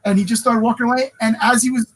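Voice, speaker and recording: A man in his forties, a podcast co-host, telling halting, self-correcting stories in casual chat. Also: very high voice, steady tone. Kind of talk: casual storytelling.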